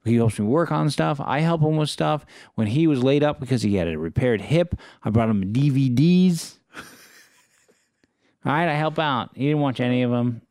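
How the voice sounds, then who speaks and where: A man in casual conversation, telling animated stories about his neighbors and acting out their lines. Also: mid-range voice, moderate pace, no echo, studio quality. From Los Angeles area. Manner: animated anecdotes, mimics neighbors. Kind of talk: casual storytelling chat.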